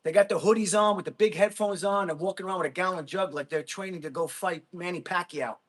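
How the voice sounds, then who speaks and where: Livestream host, New man, husky higher voice, blunt, mocking, quick to laugh. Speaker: livestream host reading chat. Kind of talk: casual livestream rant. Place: gym.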